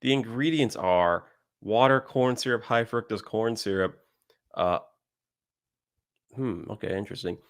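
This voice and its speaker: Man, low voice, blunt teasing podcast banter, dry close mic. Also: a little slow, pauses often, no room sound. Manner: blunt, teasing, reads ingredient lists aloud. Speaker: podcast co-host.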